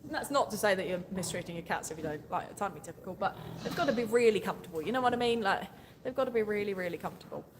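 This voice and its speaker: A woman livestreams from her farm on a handheld phone camera, cooing affectionately at her animals, laughing often, and rambling chattily to viewers. Her medium-pitched voice is animated and very fast. The audio carries noisy outdoor farm sound along with a big-room quality.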